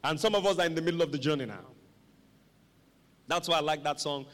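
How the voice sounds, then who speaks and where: A man preaching a sermon, dramatic and animated, with call-and-response to the congregation. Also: on the high side, brisk, long pauses. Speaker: pastor. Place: church hall. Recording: long echo of a large hall.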